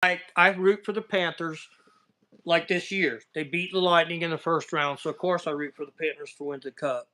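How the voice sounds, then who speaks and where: A man's voice: fairly high pitch, fairly even intonation, normal speed, pushed and bright. A man with a Southern American accent hosting a casual livestream chat, telling rambling, folksy stories over a video call. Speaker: livestream host.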